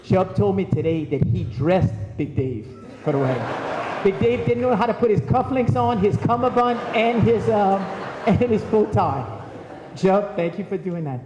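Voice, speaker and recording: Giving a eulogy with anecdotes in a large church, a man whose voice sits high speaks at normal speed and acts out the voices of those in his stories. There's background noise, and the echoey hall is captured from far off.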